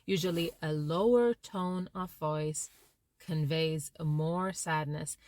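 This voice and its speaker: Expressive woman teaching interpreting skills. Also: low voice, takes it slowly. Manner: expressive, shifts tone to illustrate points. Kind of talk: educational talk to camera.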